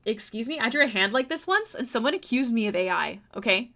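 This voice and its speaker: A young woman chatting casually with her viewers on a live art stream, self-deprecating and prone to sudden excited exclamations. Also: on the high side, fast. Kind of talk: casual live-stream chat while drawing. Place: home room.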